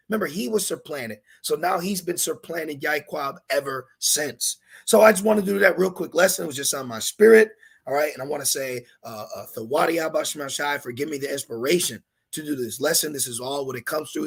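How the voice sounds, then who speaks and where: A man's voice: on the high side, a little fast, gravelly, breathy edge. A man giving an emphatic scripture lesson as a religious teacher, mixing preaching with street slang.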